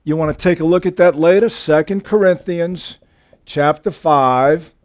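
A man's voice: on the high side, measured pace, darkish tone. A man preaching a sermon, teaching through scripture verse by verse and stressing key words with emphasis.

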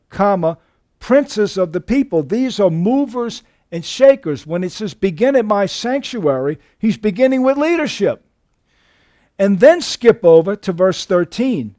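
A man preaching a sermon in a high, fairly light voice. He drives his points home with emphatic swells that climb sharply in pitch. The recording is dry and close, with little room sound. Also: darkish tone, dry recording. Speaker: pastor.

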